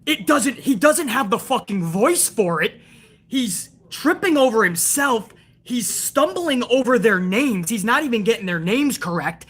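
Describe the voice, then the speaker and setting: Brief: profane, incredulous female host woman ranting at a live chat, husky and fairly high. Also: big pitch swings, unhurried, fairly bright tone. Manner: reads out and answers chat viewers. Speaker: show host. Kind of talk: heated wrestling show rant to a live chat.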